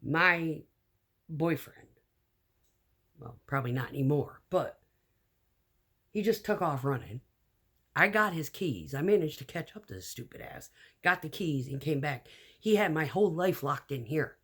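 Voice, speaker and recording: A woman telling a personal story in a casual storytime vlog, animated and blunt, acting out the lines of the people in it. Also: sits low, measured pace, pauses often, husky. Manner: animated, acts out quoted dialogue.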